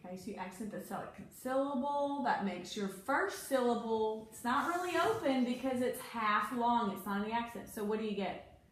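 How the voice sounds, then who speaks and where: A woman with a slightly high voice tutors a student in phonics, patiently coaching and asking guiding questions. Her voice rings around a very echoey room, with faint noise behind. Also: lively intonation, moderate pace. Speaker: reading tutor. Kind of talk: one-on-one phonics lesson.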